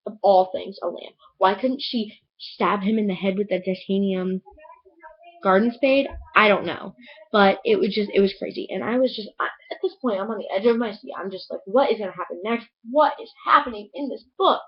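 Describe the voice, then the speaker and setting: A woman's voice: mid-range voice, normal speed, slightly rough, highs cut off. A young woman in a casual book review vlog, chattily retelling a plot with lots of "like". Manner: gushing, chatty retelling with many "like"s.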